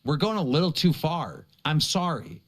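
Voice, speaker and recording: A man hosting a livestream, his voice lively and swinging in pitch. He holds his ground firmly, saying sorry again and again. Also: normal speed. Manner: insistent, repeatedly apologetic. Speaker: livestream host. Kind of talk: livestream commentary.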